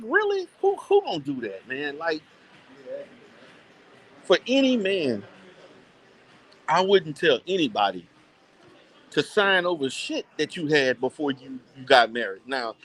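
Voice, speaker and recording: A man chatting casually with live viewers while shopping in a mall, blunt and animated, laughing often and repeating himself. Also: on the high side.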